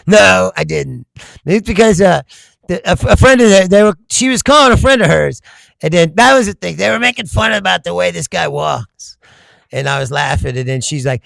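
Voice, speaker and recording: A man from Kentucky with a gravelly, bright voice, chatting casually and swinging between loud bursts and lower asides. He laughs often and jumps to shouts mid-story. The sound is dry and close. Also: lively intonation, moderate pace, long pauses, dry recording. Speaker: comedian streamer. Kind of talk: casual chat with live chat.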